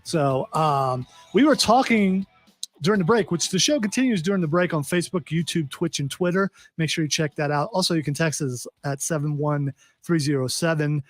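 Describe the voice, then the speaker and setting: A man's voice: fairly high pitch, moderate pace, soft background music. A man hosting a podcast in casual chat, rambling with fillers and restarts. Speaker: podcast host. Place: studio.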